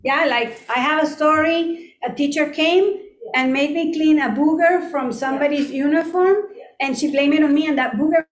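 A middle-aged woman leading a casual group talk, animated and full of storytelling asides. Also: sits high, moderate pace. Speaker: group discussion leader. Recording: echoey room.

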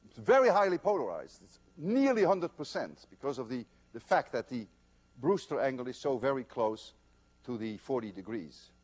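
An older man giving a university physics lecture, telling stories in an animated, emphatic way. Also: medium pitch, normal speed. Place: lecture hall.

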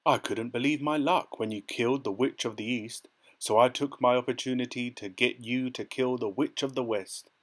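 An old wizard from a storybook, grand and then apologetic, as a male narrator puts him on. The voice sits in a middle pitch. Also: normal speed, hardly any pauses, close to an everyday voice.

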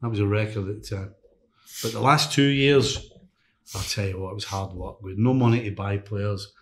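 A man's voice: fairly low pitch, moderate pace. Man telling stories in a roomy space. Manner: anecdotal, lively, mimics others in quotes. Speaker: podcast guest, former footballer and coach. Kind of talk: casual storytelling chat. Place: hotel room podcast set. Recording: roomy echo.

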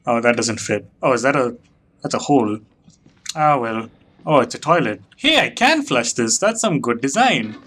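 A man's voice: mid-range voice, big pitch swings, normal speed, a bit bright, slight background noise. A young man commenting on a horror game as he plays, joking and mocking himself, often grossed out. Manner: joking, self-mocking, easily disgusted. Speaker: let's play commentator. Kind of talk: gameplay commentary.

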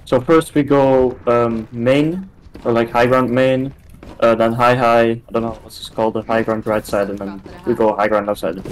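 A young man talking casually over a headset in team voice chat, laying out a plan in halting bursts full of fillers. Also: mid-range voice, steady tone, poor audio. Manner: halting, filler-heavy strategy calling. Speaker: team shot-caller in a practice match.

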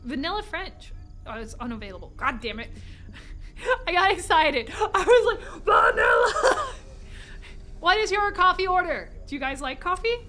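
High bright-voiced woman streamer. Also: moderate pace, soft background music. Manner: excitable, laughing and swearing often; talks to herself and the chat. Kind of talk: live gameplay commentary.

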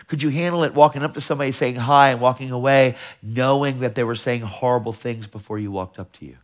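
A fervent man preaching to a congregation, firing off rhetorical questions with emphatic energy. His voice sits at a middling pitch with an ordinary, unforced timbre, and he swings from urgent bursts down to quiet, pointed asides. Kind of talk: sermon.

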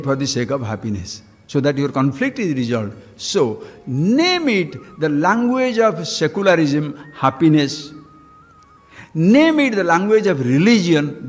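Lively Indian-accented man teaching. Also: fairly high pitch. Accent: Indian English. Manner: rhetorical questions, acts out dialogues. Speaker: spiritual teacher. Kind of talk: lively spiritual talk. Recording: long hall reverb, faint music.

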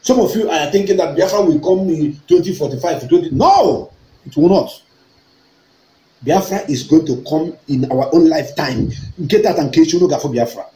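A man's voice: fairly high pitch, normal speed, mellow, roomy sound, a little hiss or hum, low-quality recording. A man with a Nigerian accent giving an impassioned, emphatic political talk, often repeating himself and rising to fervent outbursts. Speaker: online activist broadcaster.

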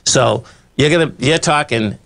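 A man's voice: mid-range voice, unhurried, creaky, fairly bright tone. A man hosting live stock market commentary over charts, talking in a rambling, emphatic, folksy way, full of "okay" and "bottom line". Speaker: market analyst host.

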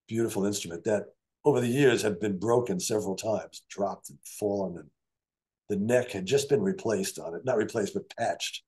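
An older man tells stories from his years as a session guitarist. His voice sits fairly low, and he acts out the conversations he recalls as he goes. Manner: animated anecdotes, acts out dialogue. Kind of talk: storytelling in an interview.

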